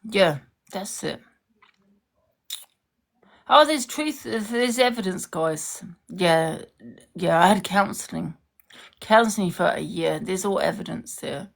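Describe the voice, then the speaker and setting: Gravelly woman ranting heatedly. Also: fairly low pitch, lively intonation, takes it slowly, long pauses. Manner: heated, confrontational, repeats herself. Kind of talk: heated social media rant.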